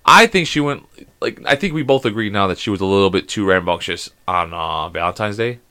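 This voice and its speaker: A man's voice: fairly low pitch, brisk. A man co-hosting a podcast in casual chat, telling a rambling story and acting out the dialogue. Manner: animated storyteller who acts out the dialogue; rambling, with many restarts. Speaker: podcast co-host.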